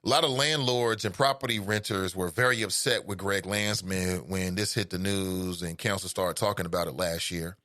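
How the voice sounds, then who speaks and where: A man's voice: low-pitched, fairly even intonation, moderate pace, hardly any pauses, pushed and bright, no echo, studio quality. A middle-aged man with a Cincinnati accent hosting a casual call-in talk show, rambling conversationally with playful asides to listeners. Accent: Cincinnati, Ohio. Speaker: radio talk show host.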